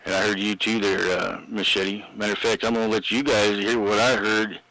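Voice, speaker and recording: A man's voice: lowish voice, level tone, brisk, gravelly, bright, forceful tone, no room sound, rough recording. A man chatting casually over a CB radio, with a folksy, drawling way of talking. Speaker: CB radio operator. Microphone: radio base station mic.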